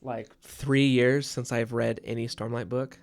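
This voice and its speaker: A man's voice: mid-range voice, level tone, a little slow. A man co-hosting a podcast, thinking aloud about a book in casual chat, often stammering and repeating words. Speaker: podcast co-host.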